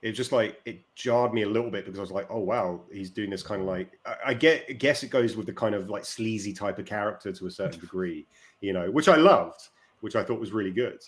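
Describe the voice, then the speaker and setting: A man's voice: on the low side, fast. A man hosting a casual film chat, talking in a rambling way with many fillers and restarts.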